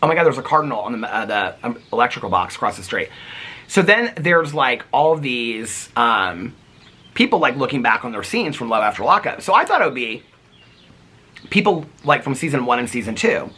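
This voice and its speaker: Excitable middle-aged guy chatting at home, swoopy lively voice, a bit breathy. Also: medium pitch, fairly quick. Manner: chatty, excitable, breaks off to coo at backyard animals. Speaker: vlogger. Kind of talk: casual chat.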